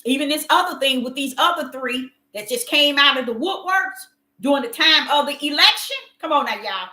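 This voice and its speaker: A woman's voice: sits high, animated, normal speed, sharp tone, roomy sound. A woman preaching a sermon with passion, repeating phrases and calling her listeners y'all. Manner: impassioned, repetitive, addresses listeners as y'all.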